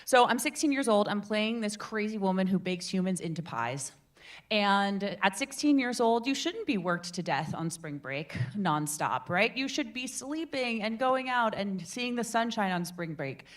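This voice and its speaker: A woman in her twenties runs a public speaking meetup and talks to the room like a performer. Her stories come with sudden jumps in pitch and bursts of volume. She sounds upbeat, expressive and showy. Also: moderate pace. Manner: animated, theatrical storyteller with big swings in pitch and volume. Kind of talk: lively workshop talk to a live group.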